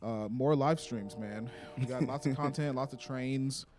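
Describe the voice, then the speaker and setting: A man in the host seat of a casual podcast, voice at an ordinary middle pitch. He moves the show along easily and drops dry jokes. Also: unhurried. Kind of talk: casual chat.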